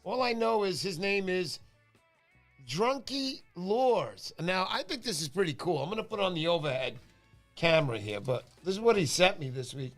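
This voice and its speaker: Chatty high-voiced New man. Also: lively intonation, fairly quick, faint music behind. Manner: chatty, joking, greets viewers by name. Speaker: livestream host. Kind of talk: casual livestream chat.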